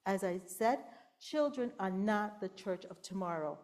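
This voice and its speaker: A middle-aged woman preaches to a congregation in a medium-pitched, lively voice, speaking a little slowly. She tells a Bible story and acts out the quotes, sometimes dropping to a whisper to show how softly God speaks.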